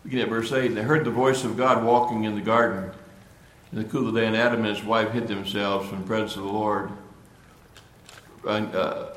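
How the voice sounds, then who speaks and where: A man's voice: on the low side, little pitch movement, a little fast, fairly bright tone. A man preaching a sermon with earnest emphasis, often repeating and restarting phrases before building to emphatic points. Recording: echoey room.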